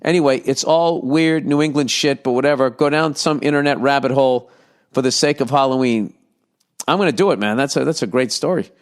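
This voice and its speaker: A man's voice: medium pitch, fairly quick. A middle-aged man hosting a casual solo podcast. He reads listener letters aloud, breaks off mid-sentence and adds profane, sarcastic jokes. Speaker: podcast host.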